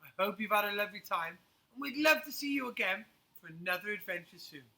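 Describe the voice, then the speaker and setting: Storyteller for kids, male, animated swoops, very bright tone. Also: high voice, fast talker, gravelly, low-quality recording. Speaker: children's storyteller. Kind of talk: storybook reading for children.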